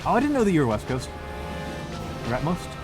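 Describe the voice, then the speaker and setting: A man's voice: on the high side, huge pitch swings, brisk. Rambling American man chatting over music. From United States. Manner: rambling, self-deprecating, many restarts and fillers. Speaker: streamer. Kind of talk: casual chat with viewers. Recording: music playing behind the voice.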